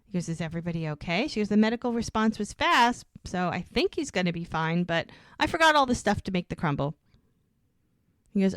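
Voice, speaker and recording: A woman's voice: medium pitch, very animated, fairly quick, no echo, studio quality. A woman co-hosting a podcast, casually retelling scenes and acting out the dialogue. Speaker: podcast co-host recapping episodes. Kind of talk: casual chat.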